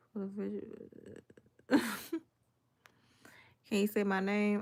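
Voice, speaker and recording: Her medium-pitched voice is animated and a little mellow, moving slowly with frequent pauses. A young woman from Miami, Florida, she runs a cooking livestream, reading comments and greeting people by name with relaxed sass.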